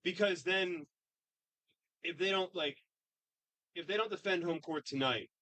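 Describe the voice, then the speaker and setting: A man's voice: high voice, a little slow, bright, forceful tone, no echo. A man co-hosting a casual sports talk show in a studio, talking loosely and rambling with lots of fillers. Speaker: podcast co-host.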